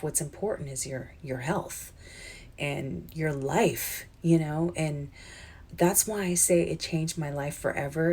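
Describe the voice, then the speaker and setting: Low-voiced young woman, chatty and teary. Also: dark tone. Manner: chatty and emotional, with many "like" and "um" fillers. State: teary-eyed. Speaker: vlogger. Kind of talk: personal life-update vlog.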